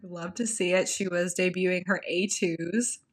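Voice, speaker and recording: A woman's voice: fairly low pitch, steady tone, normal speed. A woman co-hosting a podcast in casual chat, talking loosely with lots of filler words. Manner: chatty, many "like" fillers. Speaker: podcast co-host.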